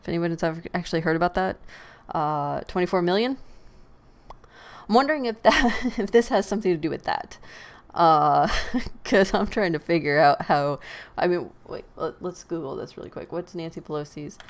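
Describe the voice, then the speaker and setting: A woman's voice: lowish voice, normal speed. A woman hosting a podcast, giving opinionated casual commentary with frequent laughs and sighs. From United States. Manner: animated, laughs often, sighs. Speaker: podcast host.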